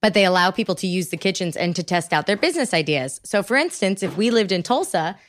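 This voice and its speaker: A woman's voice: lowish voice, lively intonation, fast talker, a little hiss or hum. A woman co-hosting a comedy podcast, chatting casually with playful, jokey asides. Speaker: podcast co-host.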